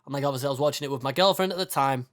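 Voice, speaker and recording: A young man co-hosting a casual podcast chat, relaxed and chatty, filling his talk with "like" and "you know what I mean". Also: mid-range voice, racing. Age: young adult. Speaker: podcast co-host.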